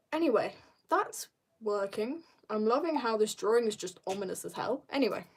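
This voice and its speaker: A woman's voice: medium pitch, lively intonation, moderate pace, slightly rough. A teenage girl chatting casually on a drawing livestream, rambling and laughing at herself as she tells stories. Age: teens. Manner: rambling, self-mocking, giggly storytelling. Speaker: streamer.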